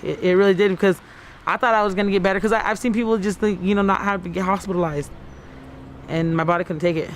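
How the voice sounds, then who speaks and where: A woman in her thirties being interviewed for the news. She recounts her story in a halting, repetitive way, often acting out her own quoted words. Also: mid-range voice, fairly even intonation, slight background noise. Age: 30s. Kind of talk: personal account in a news interview.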